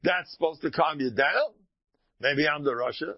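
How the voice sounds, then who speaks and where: A man giving an informal Torah talk as a rabbi, animated, moving between soft asides and loud exclamations. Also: a little high, normal speed, slightly rough, no room sound, dull audio.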